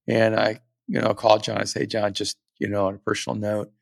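A man's voice: lowish voice, level tone, fast talker, gravelly, no room sound. A middle-aged man hosting a podcast, telling a personal story in an earnest, reflective way with frequent restarts. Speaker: podcast host.

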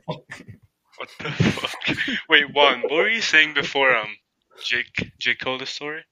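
A man's voice: on the high side, moderate pace, sharp tone, low-quality recording. A young man co-hosting a casual podcast, teasing the others and laughing a lot. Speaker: podcast co-host. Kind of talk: casual chat.

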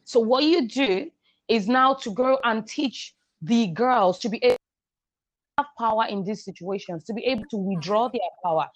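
A woman educator explaining her ideas in a measured, emphatic way on a podcast. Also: on the high side, dry recording, highs cut off. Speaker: guest, sexual and reproductive health educator. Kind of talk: podcast conversation.

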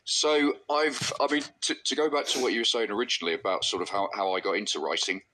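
Male author guest, low and bright-toned, chatty podcast talker who restarts his sentences. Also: fairly even intonation, quick pace, rough recording. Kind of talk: casual podcast interview.

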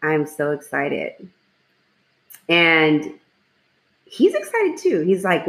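A woman's voice: fairly low pitch, very animated, unhurried, long pauses, a bit bright. Chatty woman co-host, echoey room. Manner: chatty, laughs often, lots of "like" and "you know". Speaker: radio show co-host. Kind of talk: casual chat. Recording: roomy echo.

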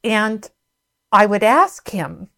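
A woman's voice: medium pitch, animated, drawn-out words, gravelly, pushed and bright. Earnest woman preaching her testimony. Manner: earnest, heartfelt, emphatic. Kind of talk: sermon with personal testimony.

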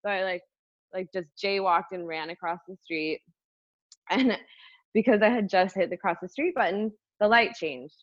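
A woman in casual chat, animated and filler-heavy, swearing freely as she tells her story. Her voice sits in a middle range, recorded dry with a slightly dull, muffled sound. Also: medium pitch, normal speed, no echo. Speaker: guest telling a personal story.

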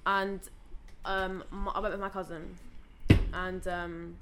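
A young woman, chatting casually and telling a lively story. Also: on the low side, slow pace, a little hiss or hum. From London. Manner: animated storytelling. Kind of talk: casual chat.

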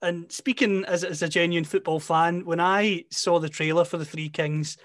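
Male host, level delivery, halting starts, dry close sound. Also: a little high, steady tone, fairly bright tone, dry recording. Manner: halting, repeats words as he starts. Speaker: interviewer host. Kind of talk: interview questions.

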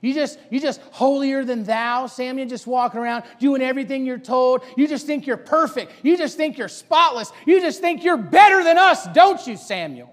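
A man's voice: high-pitched, fairly even intonation, brisk, close to an everyday voice. A man voicing taunting young men who mock a pious boy in a sneering, singsong way. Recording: long church hall reverb.

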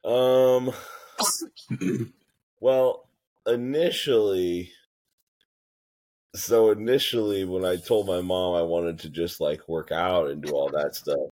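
A man with a very deep voice co-hosting a podcast. He tells stories in a relaxed, casual chat, with plenty of fillers and the odd swear word. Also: slow, long pauses. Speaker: podcast co-host.

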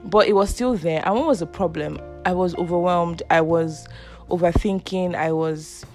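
A woman's voice: lowish voice, moderate pace, a little mellow, faint music behind. Chatty young woman podcaster. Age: 20s. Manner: chatty, laughs often, acts out quoted voices. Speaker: podcast host. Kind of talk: casual storytelling monologue.

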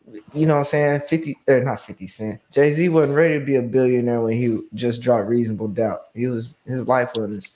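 A man's voice: medium pitch, steady tone, brisk, warm tone. A man hosting a podcast, talking loosely and slangily, peppering his speech with "bro" and "you know what I'm saying". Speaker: podcast host leading the topic. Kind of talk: casual podcast talk.

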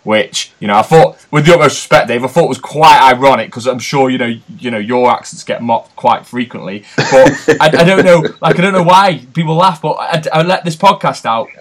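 A man's voice: medium pitch, brisk, few pauses. A man hosting a casual football podcast, chatty and rambling, poking fun at himself. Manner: chatty, rambling, self-mocking. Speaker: podcast host.

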